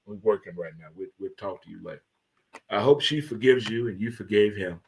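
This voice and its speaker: A man, hosting a casual talk show in an animated, swearing, preacher-like monologue. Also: lowish voice, fairly quick, faint music behind. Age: 50s. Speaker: host. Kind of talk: casual radio-style monologue.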